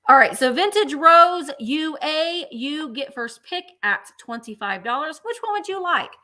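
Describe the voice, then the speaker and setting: A woman's voice: sits high, animated, a little slow, bright, forceful tone. A woman hosting a live vintage sale who chats enthusiastically and gushes over each item as she presents it. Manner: gushing, chatty, enthusiastic about items. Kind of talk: live selling stream.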